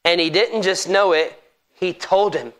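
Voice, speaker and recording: A pastor preaching a sermon in church, emphatic and asking the congregation direct questions. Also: male voice, high voice, a little slow.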